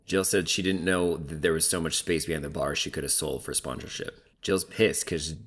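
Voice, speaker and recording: A man's voice: rumbling low, fairly even intonation, moderate pace, fairly bright tone. A man giving casual, gossipy commentary as he recaps a reality TV episode, with lots of "like" in his talk. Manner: chatty, gossipy, heavy use of "like".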